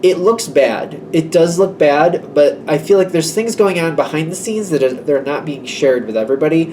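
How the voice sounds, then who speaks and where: A man's voice: on the high side, lively intonation, normal speed, a little mellow, far from the mic, slight background noise. A man giving a casual, rambling tarot reading, acting out little exchanges between people as he talks. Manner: chatty, rambling, acts out quoted exchanges. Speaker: tarot reader.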